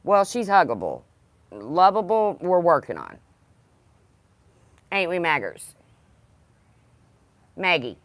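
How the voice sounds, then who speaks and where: A woman's voice: fairly low pitch, sing-song, slow pace, long pauses, no room sound. A woman chatting casually on a livestream, rambling and talking to her dog. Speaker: livestream host.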